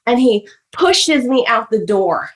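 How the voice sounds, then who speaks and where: A woman's voice: fairly high pitch, very animated, slow, rough recording. A middle-aged woman, a guest author, telling a personal story in a podcast interview, earnest and emotional, often addressing the host by name. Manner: acts out quoted voices of parents.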